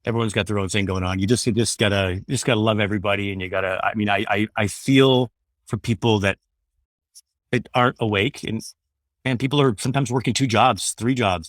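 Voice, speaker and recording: A man's voice: lowish voice, brisk, dry recording, studio quality. A middle-aged man from Canada, a former radio host, talking earnestly and loosely as an interview guest, peppering his talk with "man" and "you know". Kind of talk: candid interview conversation.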